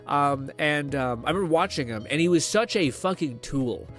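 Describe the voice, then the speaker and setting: A young man streaming, chatting casually with viewers in a rambling, profane way, laughing often and filling pauses with fillers. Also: fairly high pitch, animated, faint music behind.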